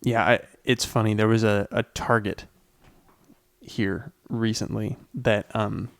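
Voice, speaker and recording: A young man co-hosting a podcast, chatting casually in a relaxed way with some swearing. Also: fairly low pitch, slow, gravelly, dry recording. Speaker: podcast co-host. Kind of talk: casual chat.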